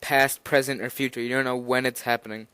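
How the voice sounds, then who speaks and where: A man's voice: mid-range voice, level tone, a little fast, bright, forceful tone, clean tone, dry recording. A nervous young man giving an informal spoken language lesson, rambling a little with fillers and restarts as he explains. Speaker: language teacher.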